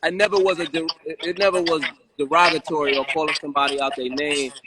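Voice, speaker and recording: A man's voice: fairly high pitch, steady tone, fast talker, a loud crowd, rough recording. A man talking as a guest in a casual live-stream chat from his home office, laid-back and rambling, with "you know what I'm saying" again and again.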